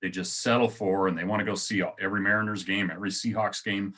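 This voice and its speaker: A man's voice: low-pitched, fairly even intonation, quick pace, a bit bright. A man hosting his own motivational video, talking casually to viewers and often calling them guys. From United States. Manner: conversational, repeats phrases, addresses viewers as guys. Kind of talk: casual motivational talk to camera.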